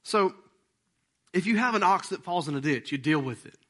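Guy preaching, chatty then suddenly punchy and loud, fairly high voice. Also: normal speed. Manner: lively, conversational preaching with sudden loud emphatic bursts; leads the congregation in breathing exercises. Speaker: pastor. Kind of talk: sermon.

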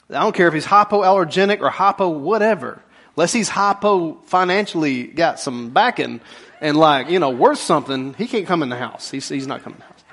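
Folksy pastor, husky voice. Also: male voice, a little high, brisk. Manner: folksy, joking, animated asides to the congregation. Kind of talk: conversational sermon storytelling. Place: church sanctuary.

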